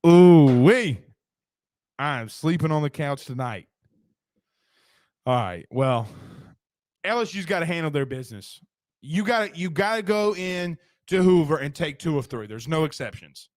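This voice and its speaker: A man hosts a casual sports talk show in a slightly high voice. He talks in a quick, emphatic rush, reading out viewer comments and teasing his co-host. The sound is dry and close. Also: animated, dry recording.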